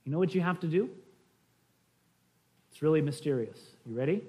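Male pastor, fairly high voice, earnest sermon delivery, addresses the congregation directly. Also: animated, moderate pace, pauses often, a little mellow, slightly rough. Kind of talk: sermon with storytelling.

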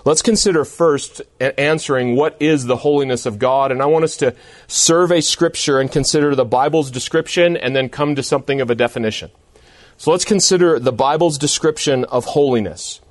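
A pastor preaching an earnest, emphatic sermon in a church, leaning on deliberate repetition to stress his points. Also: medium pitch, no room sound.

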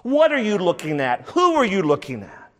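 A male pastor with a high-pitched voice delivers an emphatic sermon, repeating his key phrases for stress. His voice carries a long reverb, as in a large hall. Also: wildly swooping pitch, moderate pace.

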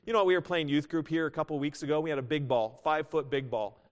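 A pastor delivers his sermon in a church sanctuary, his voice sitting a little high for a man. He swings from loud emphatic bursts to quiet asides and reads scripture in older biblical wording. Every line trails off into a long hall reverb. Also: fast talker.

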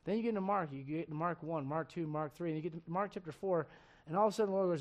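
A male pastor preaching at a midweek Bible study, raised in a Spanish-speaking home, getting animated on his points and reading scripture aloud. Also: fairly high pitch, fast. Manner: animated, rising and loud on emphatic points, reads scripture aloud.

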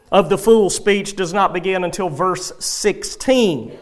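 A man preaching an expository sermon to his congregation, reading scripture and explaining it in a measured, emphatic way. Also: sits high. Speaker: pastor.

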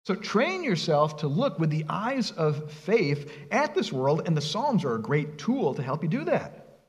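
A male pastor with a fairly high voice preaches in a lively, sing-song way, his pitch rising and falling widely. He talks casually and keeps asking his listeners rhetorical questions. A long reverb trails behind his words, as in a large church sanctuary. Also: measured pace. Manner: animated, conversational, with rhetorical questions. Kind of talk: sermon.

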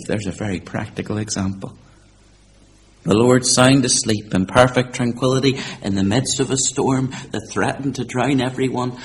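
A man delivering a sermon at a middle pitch, climbing to loud, high proclamation and then dropping to a hushed, slowed delivery. A faint hum of room ambience sits under his voice. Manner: rises to loud, high preaching and drops to quiet, slow emphasis. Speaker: preacher.

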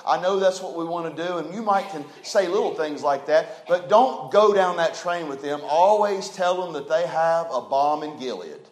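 A pastor preaching a sermon, building to loud emphatic phrases that he draws out slowly. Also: fairly high pitch, lively intonation, echoey room. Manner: preaching with rising intensity, drawn-out emphatic phrases.

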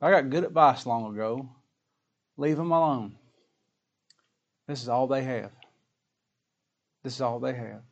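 An older man preaching a sermon in an earnest, folksy way, rising louder in prayer and dropping soft. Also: medium pitch, moderate pace, gravelly, pauses often, dull audio.

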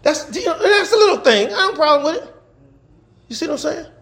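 A man preaching a sermon as pastor, animated, laughing and shouting at times. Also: very high voice, fast, roomy sound. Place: church.

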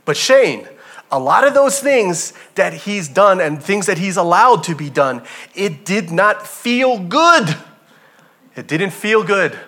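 Animated male preacher. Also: high voice, takes it slowly. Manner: animated storytelling, addresses congregation as family. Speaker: pastor. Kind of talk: sermon.

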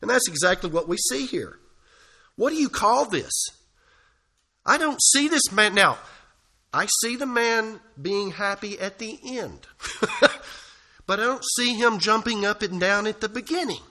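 Pastor, male, bright high voice, earnest sermon delivery with emphatic swells. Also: expressive, unhurried, pauses often. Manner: earnest preaching, rising to emphatic peaks. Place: church.

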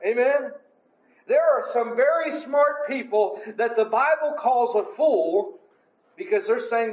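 A man's voice: very high-pitched, animated, slow pace. A man preaching in a conversational Bible teaching style, emphatic and often asking for agreement. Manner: emphatic, asks for agreement with "right?" and "amen?". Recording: roomy echo.

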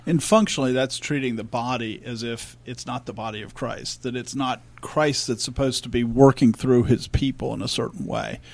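A man's voice: mid-range voice, steady tone, normal speed, vocal fry, few pauses. A man co-hosting a church discussion podcast, speaking earnestly and emphatically. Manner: earnest, emphatic, reads scripture aloud. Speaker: podcast co-host.

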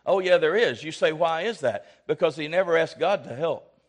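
A male pastor preaching a sermon, swinging from loud exhortation to quiet asides and calling for amens from the congregation. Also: a little high, expressive, normal speed.

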